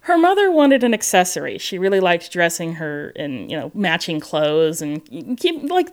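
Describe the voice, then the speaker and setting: A woman author speaks earnestly with a somewhat low voice, sometimes restarting as she thinks. She also reads from her own book in a steady narrating voice. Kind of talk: interview talk and reading from her novel.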